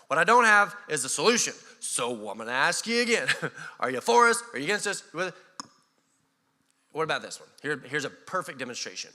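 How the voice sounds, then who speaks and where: A man with an American accent preaching a sermon as pastor, animated and acting out voices with a touch of sarcasm. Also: on the high side, a little fast. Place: church hall. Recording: church hall reverb.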